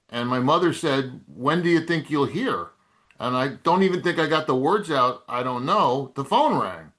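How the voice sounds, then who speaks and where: An older man speaking as a guest, telling a lively anecdote with sudden rises in pitch, through a video call microphone. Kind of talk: storytelling anecdote.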